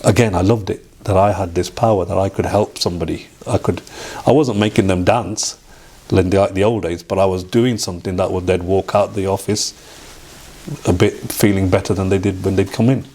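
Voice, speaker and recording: A middle-aged man with a somewhat low voice tells a personal story as an interview guest. He speaks haltingly, restarting phrases and acting out the things people said to him. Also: fairly even intonation, darkish tone. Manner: halting, with restarts and acted-out quoted dialogue.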